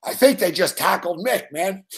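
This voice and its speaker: A man's voice: high voice, expressive, unhurried. A man hosting a live sports betting show, telling a rambling story full of swearing and laughing at himself.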